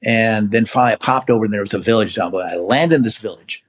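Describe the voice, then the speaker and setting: Older man telling lively stories. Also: fairly low pitch, fast talker. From California. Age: 70s. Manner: animated storyteller who acts out quoted voices. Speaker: guest, veteran hang glider pilot. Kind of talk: casual storytelling in an interview.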